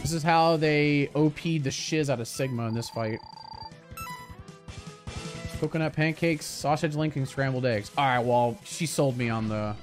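A man of middle pitch streaming a game, chatting loosely with his viewers as he plays. He reacts to the action and answers chat in an easygoing way, with clear game music running behind him. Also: moderate pace. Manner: chatty, reacting to gameplay and reading chat aloud. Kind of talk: casual livestream chat.

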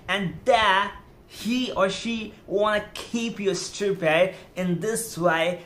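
In a high-pitched, somewhat bright voice, this podcast host lectures emphatically on correct English, urging listeners on and hammering his points through repetition.

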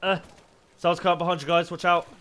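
A young British man giving casual commentary while playing a multiplayer game, excitable and swearing freely. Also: high-pitched, fast talker. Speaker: gamer.

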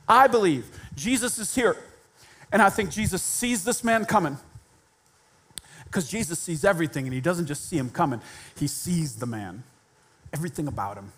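Man preaching in church, lively and theatrical, voices the people in his stories. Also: a little high, moderate pace, long pauses, slightly rough. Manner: animated, acts out quoted voices. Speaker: pastor. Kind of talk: sermon. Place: church sanctuary.

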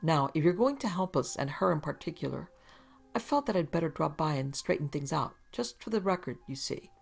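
A woman voicing a fussy, wheedling middle-aged man in a storybook reading, in a prim, high-pitched way. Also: expressive, fairly quick, vocal fry, slightly rough, faint music behind, exaggerated voice.

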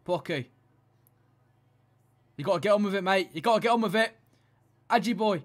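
A young man commentating his own football video game match, excitable and shouting at the referee. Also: high voice, normal speed. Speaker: gaming YouTuber.

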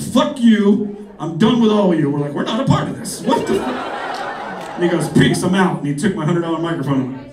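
A man on a comedy club stage tells loose, rambling stories, laughing along and slipping into voices for his characters. His voice is fairly high and swings widely in pitch. It sounds roomy and picked up from some distance, with audience laughter around it. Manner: rambling storytelling with frequent laughs and mimicked voices. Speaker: stand-up comedian. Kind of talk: stand-up set. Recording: echoey club, mic heard from a distance, crowd laughter.

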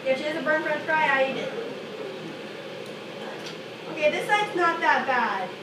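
High-voiced young woman vlogging in a kitchen. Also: animated, unhurried, far from the mic. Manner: playful, loud bursts of yelling back. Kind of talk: casual home vlog. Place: home kitchen. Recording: echoey kitchen, loud background noise.

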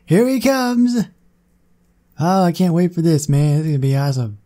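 A young man giving casual, excitable commentary on his gameplay and chatting to viewers. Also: on the high side, fast talker. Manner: excitable, chatty, talks to the game. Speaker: gaming channel host.

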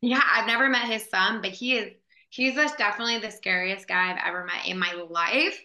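A woman actress, a guest in an interview, telling a story in a casual, animated way with lots of fillers. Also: mid-range voice, fairly quick. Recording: echoey room.

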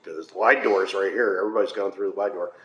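A fast-talking American pastor with a low, steady voice leads a Bible study in a church hall. His conversational style includes filler uhs and wry remarks, and the room sounds echoey with faint noise.

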